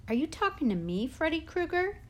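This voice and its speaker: Brief: woman reading as a jeering tough boy bully, raised and loud, storybook reading. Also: very high-pitched, big pitch swings, fairly quick, voice pushed up. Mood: taunting. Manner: taunting, jeering. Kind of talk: audiobook reading.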